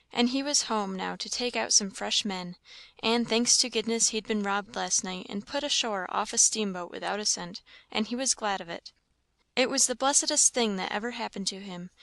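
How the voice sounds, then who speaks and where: A woman narrating a classic novel as an audiobook, reading in a steady storytelling way. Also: medium pitch, creaky, no echo.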